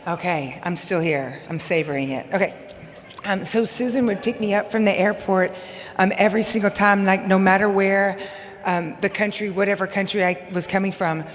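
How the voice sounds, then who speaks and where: A bubbly, excitable woman from Texas with a Texan accent, giving a rambling acceptance speech at a podium microphone. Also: mid-range voice, moderate pace. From Texas, USA. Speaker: hall of fame inductee. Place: large banquet hall. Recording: long hall reverb, faint noise.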